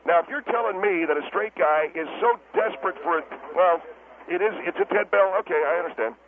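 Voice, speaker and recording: A man's voice: high-pitched, a little fast, lightly acted. A man playing a brash steakhouse owner who calls in to a radio show, talking defensively and stammering as he backpedals. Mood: pitching. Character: brash blustering male steakhouse owner on the phone. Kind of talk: comedic radio phone-in character. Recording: tinny phone line with faint hiss.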